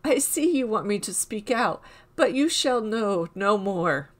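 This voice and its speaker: A woman's voice: mid-range voice, animated, unhurried, natural voice. Proud, cagey old cobbler in a storybook reading, played by a woman. Boastful.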